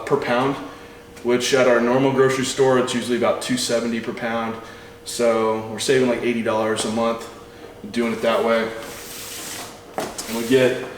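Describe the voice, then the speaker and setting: A man with an ordinary mid-range voice chats casually as he tours his food supply, rambling and doing the math out loud. His voice rings a little off the walls of an echoey room, with a faint hiss under it. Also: mid-range voice. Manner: chatty, rambling, talks through numbers aloud. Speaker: nutrition coach. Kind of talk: casual vlog walkthrough.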